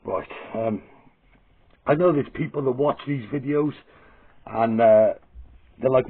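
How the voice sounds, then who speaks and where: Ein Mann mit heiserer, rauer Stimme schimpft vulgär und aggressiv in einem satirischen Comedy-Vlog direkt in die Kamera. Der Ton klingt dünn und blechern, fast wie ein Telefon. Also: male voice, medium pitch, breathy edge. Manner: profane, aggressive, sweary. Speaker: comedy vlogger. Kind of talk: crude satirical rant to camera. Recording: tinny phone-like audio.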